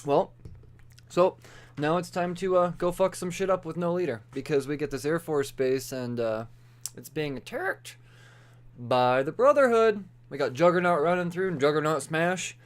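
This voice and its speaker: Smooth-voiced man on a casual podcast. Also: a little high, animated, normal speed. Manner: loose and profane, quoting characters in offhand voices. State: tipsy from beer. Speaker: podcast host reviewing comics. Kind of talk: casual solo podcast chat.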